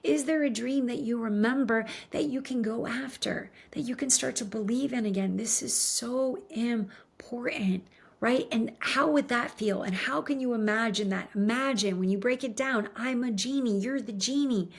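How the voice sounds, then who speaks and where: Earnest, higher-voiced woman coaching. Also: normal speed, few pauses, slightly rough. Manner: earnest, coaching, repeats "right?". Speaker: motivational speaker. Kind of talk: motivational talk to camera.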